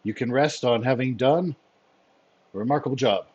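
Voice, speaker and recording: Male actor as a formal spy chief, measured and dry, mid pitch, muffled audio. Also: darkish tone, slightly rough, close to an everyday voice. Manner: formal, measured, dryly wry.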